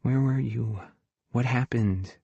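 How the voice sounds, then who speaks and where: A man's voice: medium pitch, normal speed, darkish tone, dry recording, dull audio, close to an everyday voice. A man voicing an earnest, hurt young woman who works as a camp counselor, in an audiobook. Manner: earnest, hurt, talks frankly about her feelings. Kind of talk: audiobook dialogue reading.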